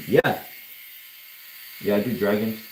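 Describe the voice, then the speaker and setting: A tattoo artist tells stories on a livestream from his studio during a live session, laid-back, slangy and swearing, laughing at his own tale. His fairly low voice draws words out with a slightly mellow tone. The low-quality recording sounds roomy with slight background noise.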